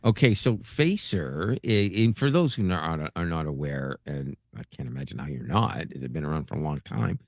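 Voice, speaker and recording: A man's voice: very deep voice, animated, normal speed, few pauses, a little mellow, dry recording, clean studio sound. A man hosting a tech podcast in casual chat, rambling and going off on tangents. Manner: rambling, digressive. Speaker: podcast host.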